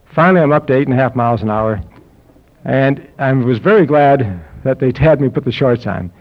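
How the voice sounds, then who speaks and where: An older man recounts a personal story in a dry, wry tone, with a voice of middling pitch for a man. The recording is dull and lo-fi. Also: a little fast. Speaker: speaker telling his health story. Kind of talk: anecdotal talk to an audience. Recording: dull lo-fi recording with audience laughter.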